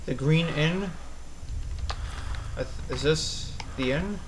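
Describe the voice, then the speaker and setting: A man commentating a horror game as he plays, easily spooked, swearing and yelling at the monster. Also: fairly high pitch, slow, noisy background. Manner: jumpy, swears a lot, yells at the monster. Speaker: gaming channel host.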